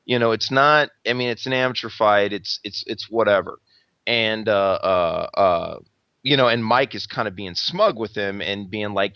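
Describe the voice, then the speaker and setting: A man's voice: lowish voice, normal speed, smooth, no room sound, highs cut off. A man telling a rambling, profane fight story in casual podcast chat, acting out the quotes. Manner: rambling, heavy swearing, acts out quotes.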